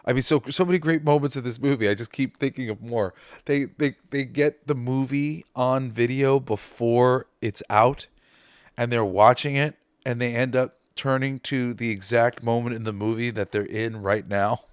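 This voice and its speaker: A man hosting a podcast, chatting casually and excitedly about favorite comedy films, swearing and laughing as he retells scenes. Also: mid-range voice, moderate pace, smooth, dry recording, clean studio sound. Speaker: podcast host. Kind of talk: casual movie ranking chat.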